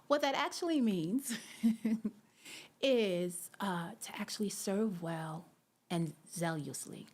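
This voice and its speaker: Low husky-voiced woman podcast host. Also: darkish tone. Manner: conversational, many fillers and asides to listeners. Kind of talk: reflective podcast monologue.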